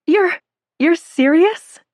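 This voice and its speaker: An excitable young woman just out of college in a storybook audiobook, speaking eagerly and breathlessly in a high, bright voice, as a woman narrator plays her. The read is dry and close to the mic. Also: slow, dry recording, lo-fi sound. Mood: thrilled.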